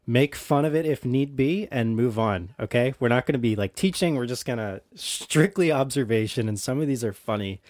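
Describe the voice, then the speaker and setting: A man's voice: medium pitch, a little mellow, dry recording. Podcast host: man, mid-range voice, easygoing filler-heavy chat, dry close recording. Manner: easygoing, leans on "like" and "you know". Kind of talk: casual chat.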